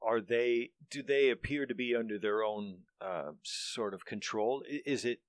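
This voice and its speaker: A man playing in a tabletop game, asking measured, inquisitive questions. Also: mid-range voice, dry recording. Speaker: player. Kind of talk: casual tabletop game play.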